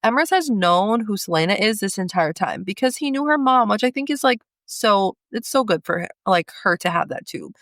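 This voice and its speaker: A woman's voice: mid-range voice, animated, normal speed, few pauses, fairly bright tone, no echo. A young woman co-hosting a book podcast, recapping chapters with gushing asides and laughing as she gets emotional. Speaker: podcast co-host. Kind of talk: book recap podcast, reading passages aloud.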